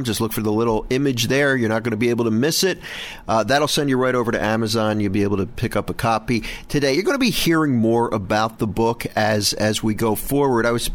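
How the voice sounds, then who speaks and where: A middle-aged man hosting a Catholic radio program, talking earnestly with frequent restarts and repeated words. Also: mid-range voice. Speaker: host of a Catholic radio show. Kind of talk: prayer and casual show talk.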